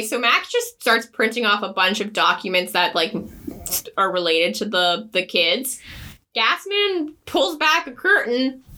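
A woman's voice: mid-range voice, pushed and bright. A young woman casually recapping a book on a podcast, chatty and sarcastic, laughing often. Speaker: podcast co-host.

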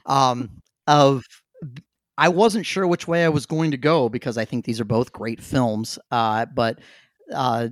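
A man's voice: mid-range voice, measured pace, no room sound. A man on a casual podcast panel, ranting emphatically and swearing as he argues his vote.

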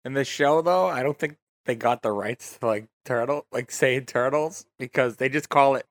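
A man's voice: medium pitch, normal speed, dry recording. A man in a casual podcast chat, making short, blunt remarks. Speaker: podcast co-host.

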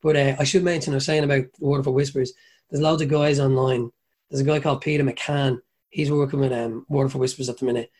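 A man's voice: medium pitch, level tone, fast, a little mellow. A man with an Irish accent telling long, rambling stories in a casual chat, swearing freely and mimicking people.

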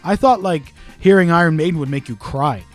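Podcast co-host, young man, fairly high voice, sarcastic teasing banter, faint music behind. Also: brisk. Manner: teasing, sarcastic, swears freely. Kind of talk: casual banter.

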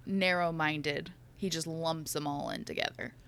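A woman's voice: deep voice, a little slow, vocal fry, fairly bright tone, smooth. A woman co-hosting a casual chat, chiming in with support and explanations.

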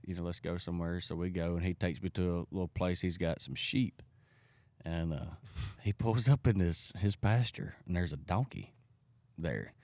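A man's voice: low voice, no room sound. A man, an evangelist telling a story in a casual chat and acting out the voices in it. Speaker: evangelist guest.

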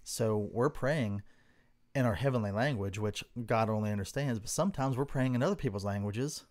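Guy with a lowish voice telling a story on a chatty podcast. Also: moderate pace, darkish tone. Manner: tells stories, briefly mimics voices. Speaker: podcast co-host. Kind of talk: casual chat, storytelling.

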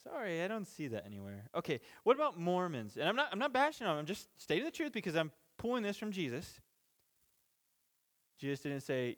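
A man with a somewhat high-pitched voice leads a relaxed Bible teaching, talking like he's chatting with the room. He laughs lightly between points and often stops to rephrase himself mid-sentence. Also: brisk. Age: parent of children. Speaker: pastor.

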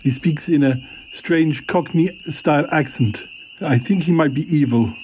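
A man's voice: on the high side, measured pace, a little mellow, a little hiss or hum, lightly acted. A man voicing a shy, easily flustered character in a comedy audio drama, protesting nervously. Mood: worried.

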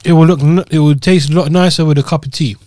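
A man's voice: a little high, fairly even intonation, fast talker, dark tone, no room sound, studio quality. A young man, co-hosting a podcast with joking, teasing banter. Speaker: podcast co-host. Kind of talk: casual chat.

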